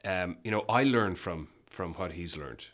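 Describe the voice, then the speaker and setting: A man interviewed as a business guest, telling emphatic, animated anecdotes with frequent restarts in casual conversation. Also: deep voice, a little slow.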